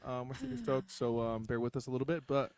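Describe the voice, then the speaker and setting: A man's voice: medium pitch, big pitch swings, quick pace, a little mellow, no echo. A man in his thirties co-hosting a comedy podcast, joking in a crude way. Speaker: podcast co-host. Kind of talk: casual podcast chat.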